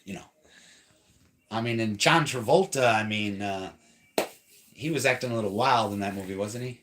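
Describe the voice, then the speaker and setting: A man co-hosting a live home-tour stream, playful and excitable, sometimes breaking into shouts. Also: fairly low pitch, moderate pace, a little hiss or hum. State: out of breath. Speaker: channel co-host giving a house tour.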